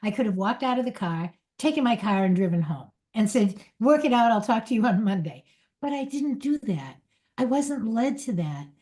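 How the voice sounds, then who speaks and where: A middle-aged woman gives a spiritual talk to her community, telling a personal story with frank, confessional honesty. She speaks at an everyday middle pitch, stops and restarts her sentences, and often laughs at herself as she goes. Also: lively intonation, moderate pace, mellow. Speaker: spiritual teacher.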